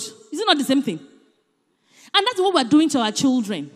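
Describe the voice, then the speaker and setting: Nigerian woman speaking at church, high voice, animated and emphatic, long hall echo. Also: measured pace. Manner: animated, emphatic, shifts between loud and soft. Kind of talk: church talk on parenting.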